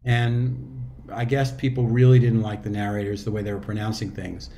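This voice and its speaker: A man in his sixties, an audiobook narrator and actor, chatting as a guest in a relaxed, reflective way with loose fillers and restarts. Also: on the low side, normal speed, slight background noise. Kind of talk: casual interview chat.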